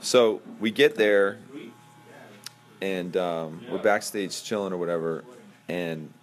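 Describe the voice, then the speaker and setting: Lowish-voiced man telling a story. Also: slow pace. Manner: animated storyteller acting out quotes. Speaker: podcast host. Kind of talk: casual storytelling chat.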